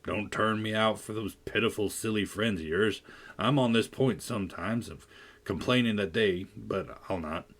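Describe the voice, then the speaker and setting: A man voicing Heathcliff, a sullen and brooding teenage farm boy, with a gruff, husky voice in an audiobook. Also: normal speed, fairly bright tone. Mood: resentful. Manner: gruff, sullen, low-spoken. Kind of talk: audiobook character voice.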